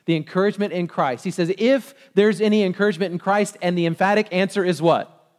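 A man preaches to his congregation with a high-pitched voice. He keeps throwing questions out and waiting for them to answer back. His voice rings through the long reverb of a church hall. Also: fairly even intonation, fast talker. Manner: call-and-response preaching, quizzing the congregation. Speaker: pastor. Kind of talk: sermon. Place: church sanctuary.

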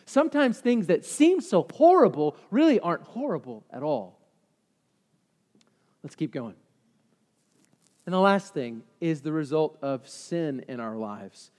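A man, a pastor, preaching a sermon to his church, moving between calm teaching and loud, urgent preaching. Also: on the high side. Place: church sanctuary. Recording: long reverb of a large hall.

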